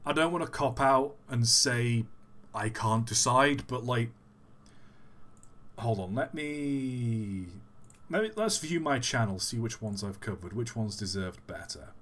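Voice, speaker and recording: A man with a middle-pitched voice answers viewer questions in a relaxed live-stream chat. He thinks aloud, pausing and repeating himself as he searches for answers. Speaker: livestream host.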